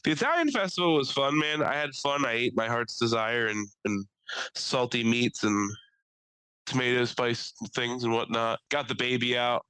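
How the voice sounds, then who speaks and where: A young man from the Philadelphia area, hosting a podcast and telling crude stories in a casual chat, doing quick voices for the people in them. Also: medium pitch, smooth, dry recording, poor audio. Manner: animated storytelling with crude jokes and voices. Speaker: podcast host.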